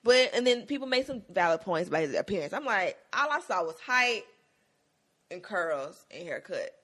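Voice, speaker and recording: Animated woman recapping TV with laughs. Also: medium pitch, normal speed. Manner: animated, laughing, slangy storytelling. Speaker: podcast co-host. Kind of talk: casual TV recap chat.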